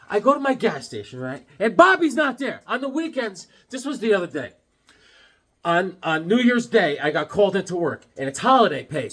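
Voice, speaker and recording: High-voiced guy rambling about comics on his channel, voice bouncing all over. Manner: rambling, animated storytelling with voices. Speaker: comic book YouTuber. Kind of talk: casual vlog chat.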